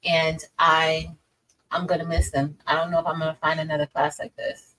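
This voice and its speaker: A woman's voice: low-pitched, flat delivery, moderate pace, a bit bright, recorded from a distance, poor audio. A woman teacher hosting a casual livestream, chatting with viewers, reading the chat aloud and calling them y'all.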